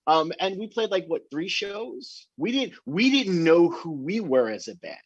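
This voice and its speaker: Excitable man with a husky, dull-sounding voice. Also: fairly high pitch, measured pace, few pauses, no room sound. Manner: animated, excitable storyteller. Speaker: band member. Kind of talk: casual interview storytelling.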